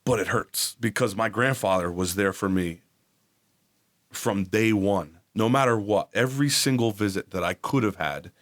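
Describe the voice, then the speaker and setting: A man's voice: fairly low pitch, moderate pace. A man in his forties from New Jersey, a podcast guest telling his life story candidly, blunt and profane. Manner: blunt, profane, acts out quoted voices.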